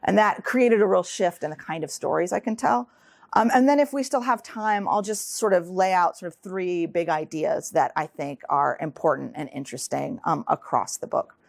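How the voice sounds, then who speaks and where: A middle-aged American woman giving an earnest lecture, full of ums, speeding up when excited. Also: lowish voice, normal speed, creaky, no echo, clean studio sound. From United States. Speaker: guest speaker. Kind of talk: lecture talk.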